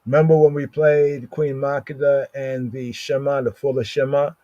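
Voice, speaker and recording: A man's voice: medium pitch, flat delivery, normal speed, warm tone, no echo. A man teaching scripture on a livestream, repeating words again and again and checking in with "right?" after nearly every phrase. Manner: repeats words over and over, asks "right?" constantly. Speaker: Bible study teacher. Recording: dull lo-fi stream audio.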